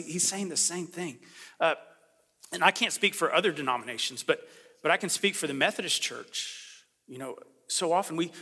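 A fairly high, bright male voice carries through a church sanctuary with a long reverb trailing each phrase. He preaches in a loose, conversational way and slips into the voices of the people he quotes. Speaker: pastor. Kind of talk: sermon.

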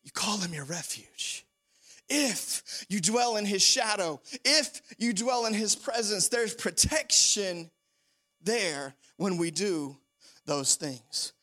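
A man preaching a sermon as pastor, animated and full of repeated phrases. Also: high voice, takes it slowly.

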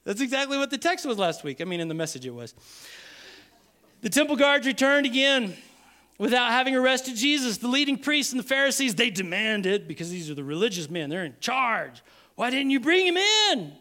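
A man preaching a sermon as pastor, animated and acting out the people in the story. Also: very high voice, a little fast. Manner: animated, acts out quoted voices.

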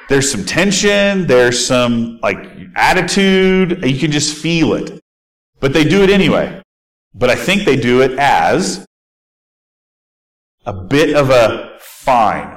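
A man's voice: medium pitch, expressive, measured pace, rough recording. Male Bible teacher, informal conversational delivery, mid-range voice.

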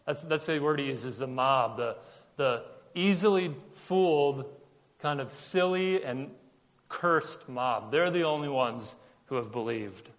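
A man's voice: mid-range voice, unhurried. A man preaching a sermon in a casual storytelling way, acting out quotes and often repeating words as he talks. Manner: casual storytelling with acted-out quotes and frequent repetitions. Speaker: pastor. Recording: long reverb of a large room.

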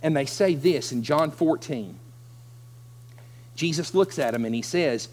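Male pastor, lively sermon delivery, slightly high voice. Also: a little slow. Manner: animated, acts out scripture voices.

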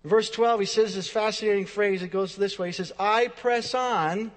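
A man with a high voice preaching a sermon in a church, leaning hard on repeated phrases and swinging from soft to loud. His voice rings out with a long hall reverb behind every line. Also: fairly even intonation, fast talker. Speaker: pastor.

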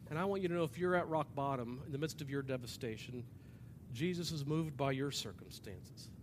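Animated preaching man, slightly high voice. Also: a little hiss or hum. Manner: animated, acts out voices, swings from loud to hushed. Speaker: pastor. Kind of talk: sermon. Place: church hall with an audience.

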